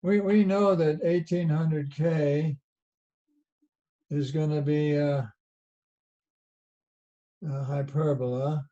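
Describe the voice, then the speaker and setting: A man's voice: fairly high pitch, fairly even intonation, takes it slowly, long pauses, warm tone, muffled recording. A man with a Southern US accent teaching a college lecture over a video call, chatty and folksy, asking rhetorical questions as he explains. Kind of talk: online lecture.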